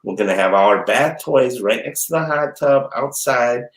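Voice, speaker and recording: A man's voice: medium pitch, moderate pace, roomy sound, rough recording. A middle-aged man and dad chatting casually from his home kitchen, rambling and jokey as he tells stories. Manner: rambling, animated, jokey storyteller. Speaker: chef and dad guest. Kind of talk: casual chat.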